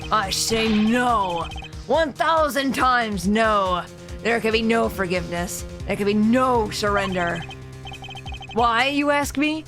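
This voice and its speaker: A woman's voice: on the high side, takes it slowly. A woman voicing a haughty male head of state in a game, reading grandiose commanding lines over game music. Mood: pompous.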